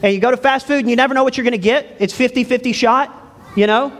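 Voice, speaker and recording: High-voiced pastor in a reverberant church. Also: male voice, fast talker, a bit bright. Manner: folksy storytelling, asks the congregation. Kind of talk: sermon.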